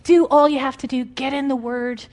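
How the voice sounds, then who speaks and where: Animated woman preaching, slightly high voice. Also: moderate pace. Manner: animated and conversational, laughs often. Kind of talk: informal sermon.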